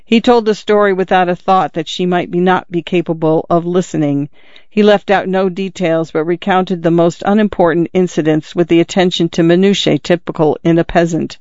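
A man reading a novel aloud as narrator, in steady, measured storytelling, in a dull lo-fi recording. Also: high-pitched, dry recording. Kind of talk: audiobook narration.

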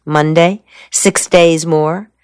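A woman's voice: low-pitched, steady tone, slow, a little mellow, clear, resonant tone, no room sound, clean studio sound. A woman reading a teasing, evasive young woman. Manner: mocking, drawling.

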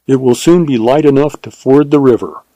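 A man's voice: medium pitch, warm tone, no echo, close to an everyday voice. A man playing a devoted, earnest ranger. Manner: earnest, husky, slow. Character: bold, devoted male Texas ranger.

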